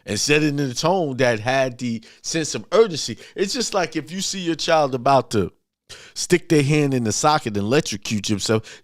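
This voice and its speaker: A man's voice: on the high side, animated, moderate pace, no echo, clean studio sound. Emphatic man giving a blunt sermon. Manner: emphatic, repetitive, talks straight and blunt. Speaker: spiritual speaker. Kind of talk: informal motivational sermon.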